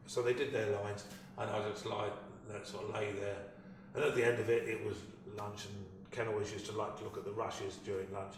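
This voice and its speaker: An older man, an actor telling a lively anecdote about a film shoot and acting out the people he quotes. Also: fairly low pitch, normal speed, slight background noise. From London, England. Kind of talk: anecdotal storytelling. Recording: echoey room, distant mic, faint ambience.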